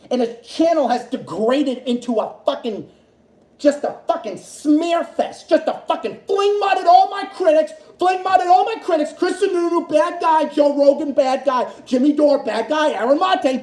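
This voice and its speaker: Guy ranting on his stream, angry and sweary, high voice, echoey room. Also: warm tone. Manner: angry, profane, repeats himself. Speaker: livestream host. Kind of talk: solo political rant stream.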